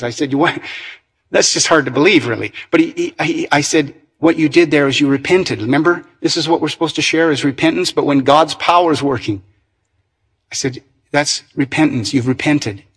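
A man's voice: mid-range voice, breathy edge. A middle-aged man from Canada preaching, telling conversion stories in an earnest manner with frequent restarts. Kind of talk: testimony sermon.

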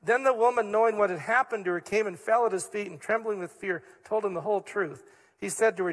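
A male pastor with a fairly high voice preaches in an earnest, emphatic way, leaning on repeated words. His voice carries a long reverb from a church hall. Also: fast talker. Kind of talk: sermon.

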